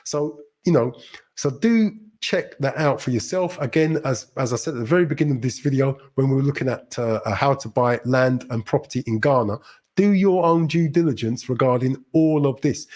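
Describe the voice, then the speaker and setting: A man's voice: a little high, a little mellow, slightly rough. A man hosting a casual live-stream vlog, talking emphatically to his viewers, often repeating phrases and checking in with "right?". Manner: rambling, restarts and repeats phrases. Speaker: channel host.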